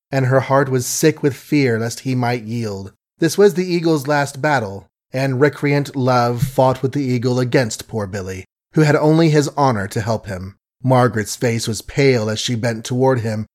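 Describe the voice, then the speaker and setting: A man narrating a novel in an even, unhurried literary reading. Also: medium pitch. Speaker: audiobook narrator. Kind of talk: scripted narration.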